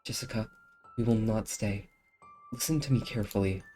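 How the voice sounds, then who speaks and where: A calm, guarded woman leader who speaks in a measured, steady way, as a streamer puts her on. She uses an attempted British accent and a mellow, dark tone. It is game dialogue read aloud on a stream. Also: mid-range voice, soft background music, lightly acted.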